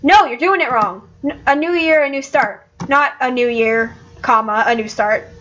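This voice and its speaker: A woman's voice: fairly high pitch, moderate pace, fairly bright tone, highs cut off, natural voice. A woman voicing a rude, bossy cat character in a game, snarky and insulting.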